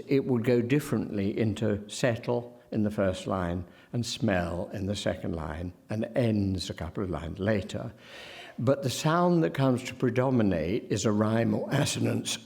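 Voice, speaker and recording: A man's voice: fairly low pitch, gravelly, darkish tone. Precise, pondering male lecturer. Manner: precise, pondering, careful over pronunciation. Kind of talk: scholarly lecture.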